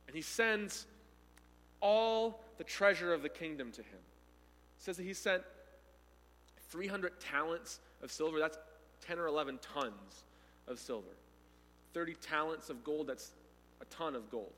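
Animated preacher man in a reverberant hall. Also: a little high, a little slow, long pauses. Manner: animated storytelling, acting out the quoted speakers. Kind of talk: sermon.

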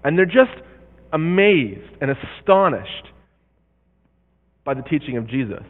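A man's voice: on the high side, very animated, unhurried. A man preaching a sermon and explaining a Bible passage, checking in with his listeners as he goes. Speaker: pastor. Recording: tinny phone-like sound with long hall reverb.

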